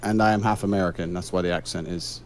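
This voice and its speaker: A man's voice: low-pitched, fairly even intonation, fast talker, very noisy. A man from the United Kingdom speaking on an online debate panel, formal and lecturing in manner. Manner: formal, lecturing, self-assured. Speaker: debate guest.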